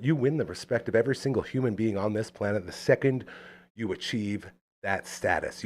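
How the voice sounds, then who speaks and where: Medium in pitch and a little mellow, a man's voice hosts a casual talk podcast. He chats his way through stories and reads sponsor plugs playfully.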